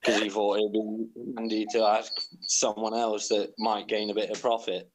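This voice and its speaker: A man's voice: on the low side, flat delivery, moderate pace, low-quality recording. A man joining a casual chat over a remote call, blunt and sweary as he rants. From Britain.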